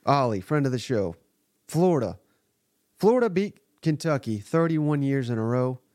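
Male podcast host, mid pitch, dry close-miked sound, blunt and exasperated, swears freely. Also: sing-song, moderate pace, a little mellow, no room sound. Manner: blunt, exasperated, profane commentary. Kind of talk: live sports reaction podcast.

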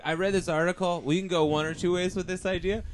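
Brief: high-pitched male co-host, loose rambling chat. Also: steady tone, fast talker, slight background noise. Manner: rambling, lots of "like", laughs often. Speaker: podcast co-host. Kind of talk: casual podcast banter.

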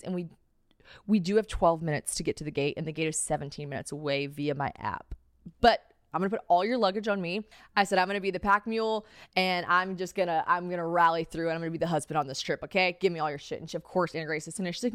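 A woman's voice: lowish voice, animated, quick pace, fairly bright tone, smooth, dry recording, clean studio sound. A young woman hosting a solo podcast, telling a story in a chatty, profane way with lots of filler words and dramatic quoted voices. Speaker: podcast host.

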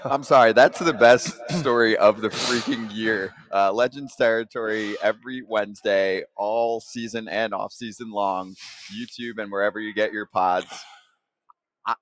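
A man hosting a sports podcast, talking in an excited way and laughing easily. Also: lowish voice, no room sound. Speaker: podcast host.

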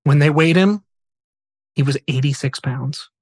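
A man's voice: a little high, unhurried, a little mellow, breathy edge, no room sound. A male podcast host earnestly retelling a somber true story, voicing quoted dialogue as he goes.

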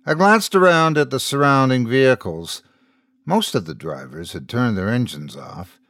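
A man's voice: medium pitch, moderate pace, no room sound. A man narrating a scripted horror story as host, in a dry, close recording. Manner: storytelling, expressive.

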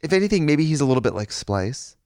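A man's voice: a little high, big pitch swings, fast talker, darkish tone, no echo, clean studio sound. A man co-hosting a podcast, chatting casually and rambling, now and then slipping into put-on voices. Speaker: podcast co-host. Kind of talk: casual comedic chat.

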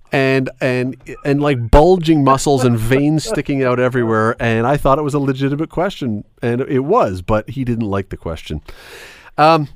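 A man's voice: mid-range voice, no room sound. A man hosting a podcast, telling anecdotes in casual chat and laughing often. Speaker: podcast host.

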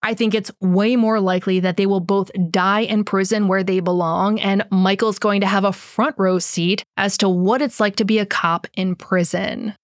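A woman hosts a true crime podcast, narrating and then launching into an unscripted outro rant, blunt and heavily profane, mentioning she's losing her voice. Her mid-range voice is steady, at a moderate pace with few pauses, recorded studio-quality with no room sound.

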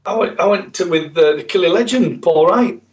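A man's voice: sits high, a little fast, highs cut off, noisy background. A man with a South Yorkshire accent, a former footballer chatting in an interview, good-humoured and often repeating words. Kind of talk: casual interview chat.

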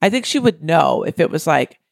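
A woman co-host chats in a relaxed, searching way, asking herself questions as she thinks. Her voice carries a gravelly fry. The sound is dry and close to the mic. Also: low voice, fairly quick, dry recording. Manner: thoughtful, asks herself questions. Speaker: podcast co-host. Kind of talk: casual chat.

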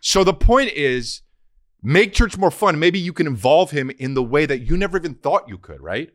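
A man's voice: fairly high pitch, big pitch swings, normal speed, no room sound, studio quality. A man co-hosting a podcast, talking in a loose, profane, joking way and bursting into mock singing. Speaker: podcast co-host. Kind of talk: casual comedic chat.

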